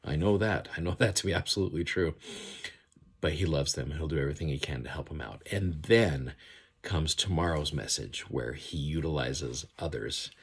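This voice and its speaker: A man's voice: a bass voice, normal speed, husky. A man giving an earnest devotional scripture commentary, reading verses aloud and explaining them in a casual, heartfelt way. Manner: earnest, reads verses aloud with rising emphasis. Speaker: scripture teacher.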